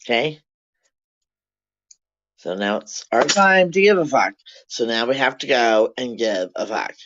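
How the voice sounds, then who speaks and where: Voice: mid-range voice, expressive, measured pace, fairly bright tone, a little hiss or hum. A vlogger in their sixties ranting to camera in a blunt, profane, rambling way from their apartment. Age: 60s. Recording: dull lo-fi sound.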